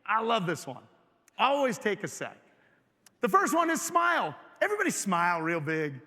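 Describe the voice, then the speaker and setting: A high, lively male voice with a bright, forceful edge. He delivers a keynote to a live audience, firing questions at the crowd and pulling them in. The sound carries a long hall reverb. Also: moderate pace. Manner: energetic, engages audience with questions. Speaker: keynote speaker. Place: large hotel event hall.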